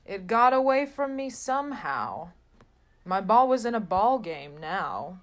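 A woman's voice: medium pitch, sing-song, unhurried. A woman reading a rhyming children's picture book aloud in a sing-song way. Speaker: storybook reader.

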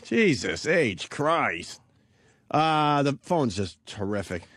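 A man's voice: medium pitch, big pitch swings, takes it slowly, a bit bright, no room sound, studio quality. A man co-hosting a radio talk show, blunt and profane in casual banter, who takes phone calls.

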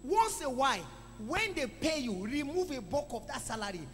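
Loud, lively preacher in an echoey hall. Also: male voice, normal speed, a little hiss or hum. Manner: preaching with call-and-response to a congregation; swings between loud exclamations and low acted asides. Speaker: pastor. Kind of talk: sermon. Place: church hall. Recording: echoey church hall with music.

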